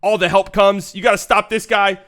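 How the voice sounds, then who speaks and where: Bright-voiced animated male basketball breakdown host. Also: high voice, a little fast. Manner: animated, laughing, mocking. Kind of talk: casual film-breakdown commentary.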